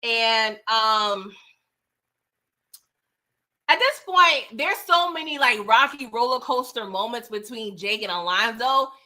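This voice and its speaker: A woman with a bright, slightly high voice talks through a film scene by scene in a loose vlog style. She is chatty and animated, laughs often and throws in slangy asides. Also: slow, pauses often. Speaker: movie reviewer. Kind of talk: casual movie review vlog.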